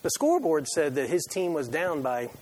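A man preaching a sermon who tells an animated, joking story and acts out his own reactions. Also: a little high, brisk, slight background noise. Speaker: pastor.

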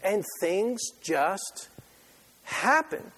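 A man preaching a sermon who tells an animated, joking story and acts out his own reactions. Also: sits high, drawn-out words, husky. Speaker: pastor.

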